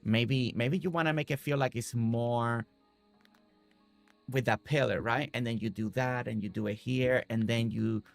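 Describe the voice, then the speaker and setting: Gravelly-voiced man streaming a game. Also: mid-range voice, a little slow, soft background music. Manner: excited, rambling, many restarts. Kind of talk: casual game livestream commentary.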